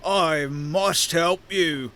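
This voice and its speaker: Cowardly huge half-giant voiced by a man: high, frantic, yells in panic. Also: very slow, full character voice. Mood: dazed. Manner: yelling in panic.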